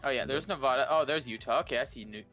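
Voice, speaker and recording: A man's voice: medium pitch, fast, a bit bright. Man from Alberta, casual co-host, profane and easily sidetracked, faint music bed. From Alberta, Canada. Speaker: stream co-host. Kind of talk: casual stream chat.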